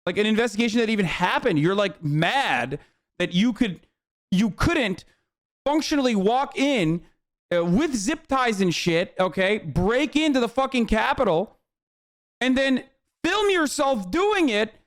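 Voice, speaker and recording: A man's voice: high voice, big pitch swings, a little slow. A man streaming a reaction to a documentary, ranting in a heated, profane, sarcastic way. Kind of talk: casual reaction commentary.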